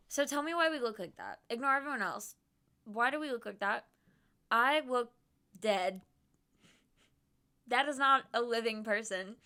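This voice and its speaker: A bright, slightly high-voiced young woman chats casually on her stream in a put-on Boston accent. She acts out quotes from the people she talks about and giggles at herself often. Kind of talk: casual chat. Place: home streaming setup.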